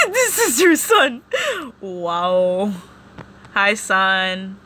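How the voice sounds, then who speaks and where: A woman vlogger recapping a show in casual, rambling, animated storytelling. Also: mid-range voice, drawn-out words.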